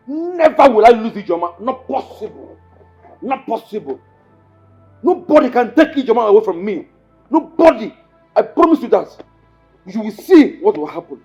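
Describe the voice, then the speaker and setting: A bitter, possessive young Nigerian man who refuses to let go. His voice sits high for a man. Faint music plays behind him. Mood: defiant. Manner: defiant, insistent repeats.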